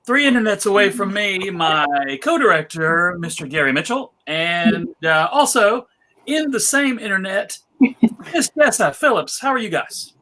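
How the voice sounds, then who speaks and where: A man moderating a casual panel over a video call, playful and quick to laugh. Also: high-pitched, expressive, pushed and bright, a little hiss or hum.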